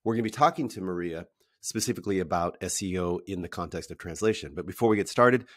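A man hosts a casual podcast interview in a low, deep voice. He is upbeat and friendly and leans on easy fillers as he steers the conversation. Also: fast. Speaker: podcast host.

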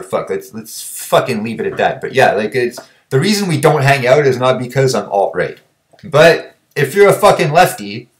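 A young man vlogging, ranting bluntly and combatively, swearing constantly. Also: fairly low pitch. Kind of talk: profane ranting monologue.

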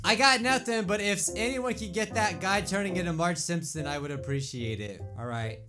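A man hosting a casual reaction video, excitable and quick to laugh and shout. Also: high voice, over music. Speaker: YouTube host reacting to clips.

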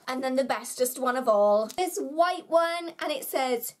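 In her vlog, a high-voiced young woman from the UK chats through what she bought on a shopping trip. She's expressive and bubbly, keeps things casual, and is quick with self-mocking jokes.

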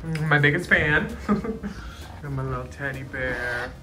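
A man's voice: medium pitch, unhurried, music in the background. A man in drag giving a campy, sassy backstage tour of theatre dressing rooms, quipping and laughing with castmates. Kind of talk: casual backstage vlog.

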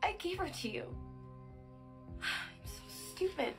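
A woman's voice: very high-pitched, expressive, slow, fairly bright tone, soft background music, full character voice. An actress playing a distraught young woman who blames herself and pleads for answers in a TV drama scene. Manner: pleading, self-reproaching.

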